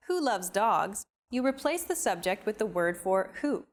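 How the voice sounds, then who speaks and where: A woman narrating a scripted language lesson in a clear, upbeat, explaining manner. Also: medium pitch, very animated, normal speed, faint music behind.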